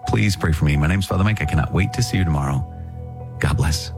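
A man's voice: extremely low pitch, fast talker, music in the background. A man, a priest, talking in a casual, conversational reflection while sick with a stuffy nose, acting out little dialogues and repeating himself as he goes.

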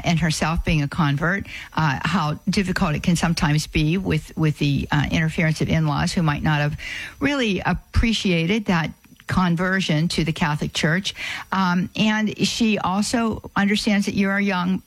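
A woman hosting a call-in radio show, giving advice in a halting way with many fillers and restarts. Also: on the low side, no room sound, rough recording.

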